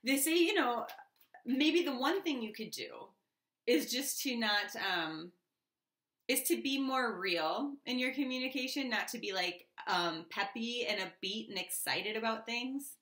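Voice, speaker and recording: A woman's voice: fairly high pitch, lively intonation, measured pace, a bit bright. A woman giving a casual tarot reading to the camera, chatty and loose with lots of fillers and asides. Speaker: tarot reader. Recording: echoey room.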